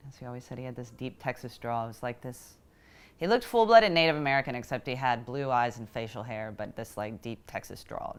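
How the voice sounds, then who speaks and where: Low, smooth-voiced woman telling her story. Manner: reflective and emotional, halting with pauses. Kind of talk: unprompted personal storytelling. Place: Houston.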